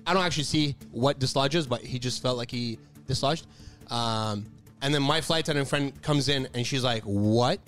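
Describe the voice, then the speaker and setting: A man's voice: mid-range voice, moderate pace, faint music behind. A man telling a story in casual chat, acting out the people in it and laughing often. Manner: animated, acts out voices of people in his stories, laughs often.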